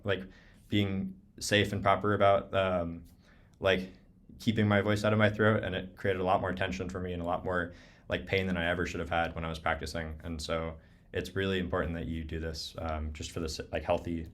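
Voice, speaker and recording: A young man with a very low voice teaches clarinet over a video call. He talks loosely and casually, filling his sentences with "um" and "like". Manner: relaxed, many fillers like "um" and "like". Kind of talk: casual online clinic talk.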